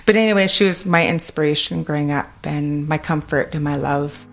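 A woman's voice: low voice, brisk, soft background music. A woman from Alert Bay with a Kwakwala-influenced English accent, telling stories in a chatty way, laughing often and using many fillers. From Alert Bay, Canada. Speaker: interviewee. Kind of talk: casual storytelling.

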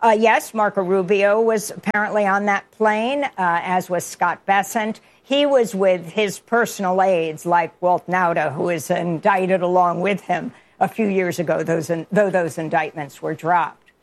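A woman's voice: on the low side, steady tone, measured pace. A woman hosting a news show, asking a guest questions and reading headlines and upcoming segments in a formal manner. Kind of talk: news interview and scripted show links.

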